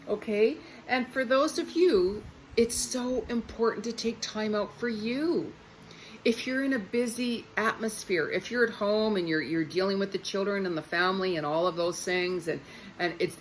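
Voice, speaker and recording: A woman's voice: medium pitch, unhurried, a little hiss or hum, low-quality recording. A woman in a casual spiritual talk to her viewers, chatty and repetitive, often saying okay. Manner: chatty, repeats herself, says okay often. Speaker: psychic reader.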